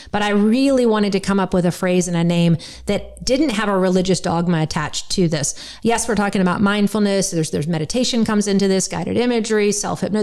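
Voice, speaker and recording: A woman from the United States with a slight North Carolina twang, hosting a podcast in earnest, animated conversation. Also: on the low side, clear, resonant tone. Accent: North Carolina Southern. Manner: earnest, animated, many restarts. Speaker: podcast host.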